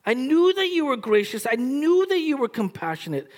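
A preacher acting out the prophet Jonah as a man shouting his furious complaints at God in a high, strained voice during a sermon. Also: sing-song, slow. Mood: raging. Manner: shrill, shouting, raging complaint.

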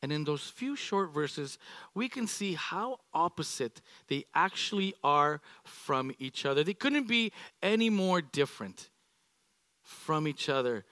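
Bright, high-voiced pastor preaching playfully. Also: male voice, a little slow, dry recording. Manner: animated, playful, acts out examples. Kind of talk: sermon. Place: church sanctuary.

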